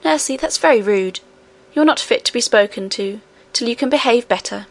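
A woman reading aloud voices a gentle, earnest little princess girl in a storybook. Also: fairly high pitch, lively intonation, moderate pace. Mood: coaxing.

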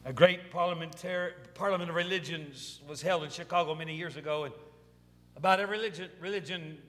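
High-voiced preaching man, ringing hall. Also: a little fast, fairly bright tone. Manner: preaching with swelling intensity. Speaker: pastor. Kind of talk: sermon.

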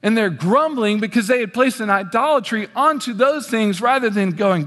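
A young man on a stage preaching a sermon in an animated way, swinging his pitch as he acts out the voices he quotes. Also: moderate pace. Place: on a stage in a large hall. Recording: long hall reverb.

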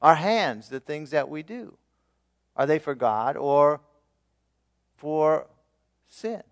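A man preaching a sermon as pastor, earnestly leading his congregation in repeated declarations, with emphatic swings in loudness and occasional fillers. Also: a little high, lively intonation, takes it slowly, pauses often.

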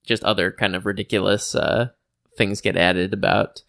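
Gravelly man, dry podcast co-host. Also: sits low, fairly even intonation, fairly bright tone, dry recording. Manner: dry, teasing, halting with many fillers. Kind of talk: casual chat.

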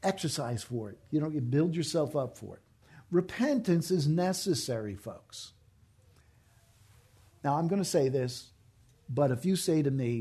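A man's voice: mid-range voice, expressive, normal speed, warm tone, husky. A man delivering a sermon as a pastor, earnest and emphatic, repeating his key phrases.

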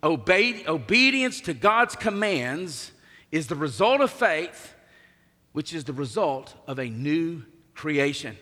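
Man, pastor, sermon, slightly high voice, emphatic, long reverb. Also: sing-song, slow pace, bright, forceful tone. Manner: emphatic preaching with strong swings in volume. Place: church sanctuary.

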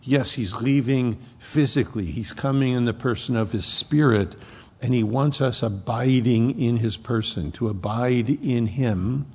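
Slow, gravelly preacher in a reverberant hall. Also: male voice, medium pitch, darkish tone. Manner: slow, emphatic Bible exposition with quoted scripture. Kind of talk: sermon.

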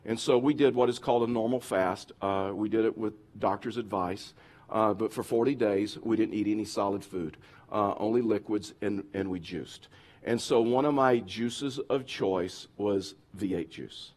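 A middle-aged man preaching as a pastor, lively and conversational, now and then acting out whiny complaining voices. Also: on the low side, normal speed. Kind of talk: sermon.

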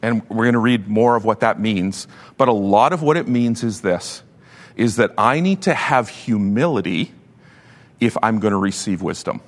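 A man in his fifties, a pastor giving a sermon with animated, joking storytelling. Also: on the low side, normal speed. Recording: long hall reverb.

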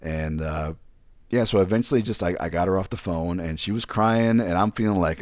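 Virginia guy rambling thru a story, makes fun of himself, restarts a lot, lowish voice, dry close sound. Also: brisk, a little mellow, no echo. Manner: rambling, self-deprecating, frequent restarts. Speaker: podcast co-host. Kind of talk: casual storytelling chat.

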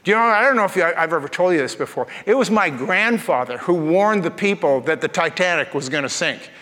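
Man with a high-pitched voice, pastor preaching in a sermon, folksy storyteller with jokes, reverberant hall. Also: lively intonation, a little fast, sharp tone.

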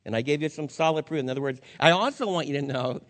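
A male pastor preaching at a funeral with a fairly high voice. He speaks earnestly and conversationally, addressing the congregation directly. A long reverb trails his words through the church sanctuary. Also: quick pace. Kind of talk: funeral sermon.

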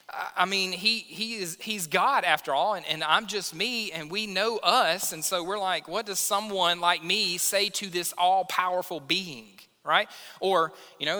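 Pastor, male, 30s; high, sharp voice, chatty sermon delivery, church hall reverb. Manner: conversational, self-deprecating preaching with acted quotes. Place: church sanctuary.

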